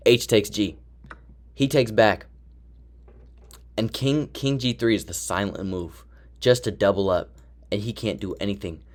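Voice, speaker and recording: A young man with a fairly low voice walks through his chess game move by move. His commentary is excited and chatty, and he talks to himself as he plays. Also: a little slow, long pauses. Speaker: chess streamer.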